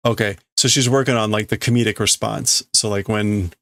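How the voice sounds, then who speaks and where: A man's voice: fairly low pitch, fairly even intonation, a little fast, vocal fry, fairly bright tone, dry recording. A man on a casual live stream, translating a manga aloud as he goes, hesitant and correcting himself as he works things out. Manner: hesitant, thinks aloud with restarts and self-corrections. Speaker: livestreamer.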